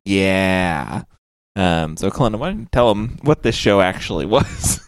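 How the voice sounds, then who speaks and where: A man's voice: sits low, expressive, measured pace, dry recording. A man in his thirties co-hosting a podcast, playfully steering the talk. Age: 30s. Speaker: podcast co-host. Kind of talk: casual chat.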